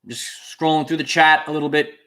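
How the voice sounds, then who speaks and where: A man's voice: on the high side, little pitch movement, brisk, bright, forceful tone. A man hosting a spiritual livestream, talking to his viewers and repeating key phrases with preacher-like emphasis. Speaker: channel host.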